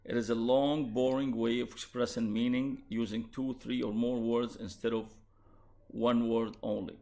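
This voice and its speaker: Gravelly-voiced male lecturer with an Arabic accent. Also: medium pitch, little pitch movement, mellow. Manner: measured, explanatory, with restarts. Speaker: university lecturer. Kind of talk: recorded lecture on translation.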